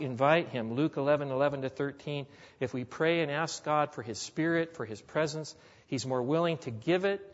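A male pastor preaching a sermon, telling stories in a folksy, conversational way. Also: mid-range voice. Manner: storytelling, folksy. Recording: echoey hall, dull lo-fi sound.

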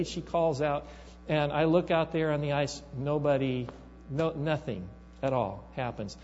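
A man's voice: on the high side, measured pace, a little mellow. A male pastor preaching a sermon, telling a story and building to emphatic rises. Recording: reverberant hall, dull sound, mains hum.

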